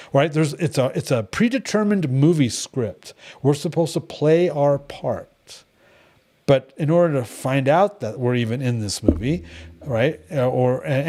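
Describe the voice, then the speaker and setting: A man's voice: medium pitch, a little mellow. A middle-aged man leading a devotional gathering in casual talk, telling stories bluntly with many restarts. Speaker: devotional group leader.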